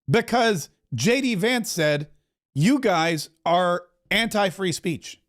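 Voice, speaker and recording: A man with a high voice and lively intonation hosts opinionated political commentary. He is sarcastic and mocking, rushing ahead at times and stretching words out at others.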